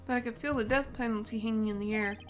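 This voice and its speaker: A woman's voice: a little high, steady tone, fast talker, soft background music, lightly acted. A woman voicing a cheerful, easygoing young woman who chats in a playful way. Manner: chatty, playful.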